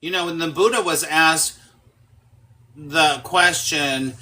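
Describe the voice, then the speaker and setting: A man's voice: a little high, slow, pauses often, bright, forceful tone. A man talking as a guest in a casual conversation, emphatic, swearing freely and acting out quoted speech.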